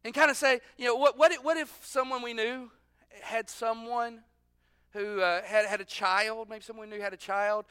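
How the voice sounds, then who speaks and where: High-voiced, bright male preacher. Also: steady tone, normal speed, smooth, no echo, studio quality. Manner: conversational, acts out the voices of people in the story. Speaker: pastor. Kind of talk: sermon.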